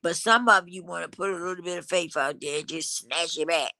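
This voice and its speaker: A woman's voice: fairly low pitch, a little fast, gravelly, bright, forceful tone, no echo. A middle-aged woman, hosting a casual livestream in a loose, preachy way and now and then singing snatches of a song. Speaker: livestream host.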